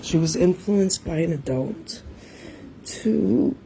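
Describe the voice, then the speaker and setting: Low raspy-edged mom on a phone live stream, choking back tears, noisy fan hum behind. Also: female voice, lively intonation. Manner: emotional, keeps pausing and addressing viewers. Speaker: livestreamer. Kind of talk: live stream talk to viewers. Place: home room with a fan running.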